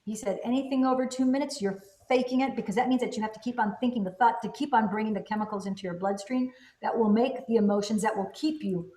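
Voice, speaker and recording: Reviewing a self-help book, a woman leads a casual teaching conversation, speaking emphatically and posing rhetorical questions she answers herself. Her voice is fairly high and mellow, fast with hardly any pauses, in a roomy, echoey recording.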